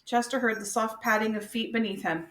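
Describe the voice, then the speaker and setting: A woman reading a children's chapter book aloud in a steady, expressive way. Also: on the high side, a little fast. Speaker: reader. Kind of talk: storybook read-aloud. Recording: echoey room.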